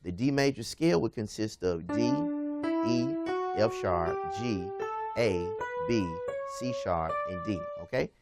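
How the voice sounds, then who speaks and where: A man's voice: fairly low pitch, animated, measured pace. A man teaching a piano lesson, patiently explaining each step and checking in with "okay?" after most phrases. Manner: patient, repeats steps, ends phrases with "okay?". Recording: piano playing under the voice. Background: piano music.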